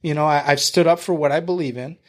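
A man's voice: a little high, fast. A man guest on a podcast, telling a story in casual chat, blunt and profane. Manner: blunt and profane, retelling a confrontation; talks to the host with fillers and restarts.

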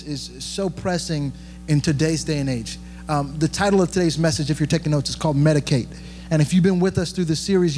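A man's voice: a little high, darkish tone, big-room sound, slight background noise. A young man preaching a sermon as pastor, conversational and joking, with many fillers and restarts.

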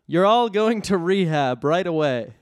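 A man voicing a stern, bossy Santa Claus who talks slowly and emphatically. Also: high-pitched, lively intonation, no echo, clean studio sound, voice pushed up.

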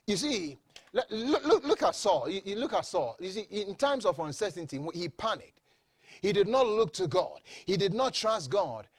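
A man's voice: high voice, gravelly, no echo, clean studio sound. A man preaching a sermon with emphasis, repeating phrases, leading the congregation in call-and-response, and often stammering over restarts.

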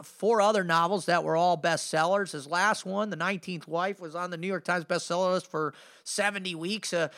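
Here a middle-aged man's high, pushed, bright voice drives a storytelling monologue on his motivational podcast. As host and motivational speaker, he's fired up and slangy, leaning heavily on the word "man."

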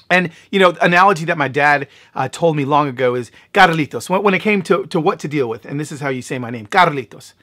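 A middle-aged male pastor preaching with lively storytelling. His pitch swings widely, climbing high and loud at the exciting moments before dropping back to a quiet, earnest tone. The delivery shifts pace freely, rushing through action and slowing down for emphasis. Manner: animated, building to loud excited peaks in stories. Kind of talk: sermon with storytelling.

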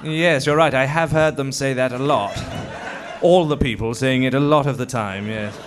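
A man's voice: mid-range voice, normal speed, faint music behind, natural voice. An actor playing a dry, sarcastic upper-class English male editor in an improvised comedy radio play recorded live on stage. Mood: sardonic. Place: live stage before an audience.

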